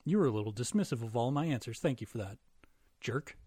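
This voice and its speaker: A man's voice: mid-range voice, animated, fast talker, dark tone, slightly rough, no room sound, studio quality. A man co-hosting a casual comedy podcast, wry and self-deprecating, making puns. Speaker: podcast co-host.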